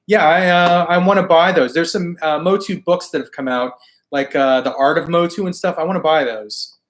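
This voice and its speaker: A hoarse man who is losing his voice, hosting a toy collecting live stream in a laid-back, slangy way as he answers viewer comments. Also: on the high side, normal speed, fairly bright tone. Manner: laid-back, chatty, slangy, often laughing.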